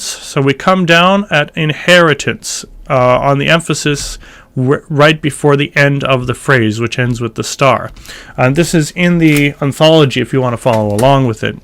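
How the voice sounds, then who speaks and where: Male chant teacher, casual explainer, smooth resonant tone, slightly high voice, sings short examples. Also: moderate pace, a bit bright. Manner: explains thoughtfully, breaks into chanted phrases. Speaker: church music teacher. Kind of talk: casual instructional talk with sung examples.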